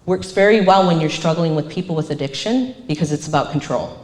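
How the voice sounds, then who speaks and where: A woman's voice: deep voice, brisk. A woman counselor giving a live presentation, acting out the phrases she quotes. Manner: animated, acts out quoted phrases. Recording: echoey room.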